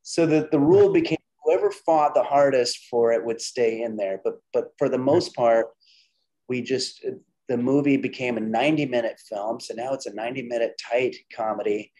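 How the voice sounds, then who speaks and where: Middle-aged man telling lively anecdotes. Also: medium pitch, normal speed, low-quality recording. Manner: animated anecdotes with quoted dialogue and frequent restarts. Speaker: interview guest, comedian and filmmaker. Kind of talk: casual conversational storytelling.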